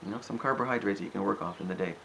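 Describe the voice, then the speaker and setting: A man's voice: fairly low pitch, very fast, creaky, bright, forceful tone, a little hiss or hum, rough recording. A man preaching informally and fervently, exhorting his listeners, rambling with restarts and frequent asides. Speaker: preacher answering questions.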